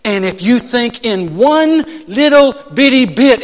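A man preaching a sermon in church, calling out questions to the congregation and swinging between shouts and soft asides. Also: very high-pitched, lively intonation, normal speed. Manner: call-and-response, rhetorical questions to the congregation. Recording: long church hall reverb.

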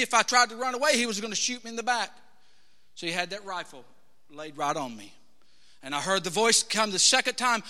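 A middle-aged man preaching a sermon, telling his story with passion and swinging from hushed to shouting. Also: sits high. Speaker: pastor. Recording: hall reverb.

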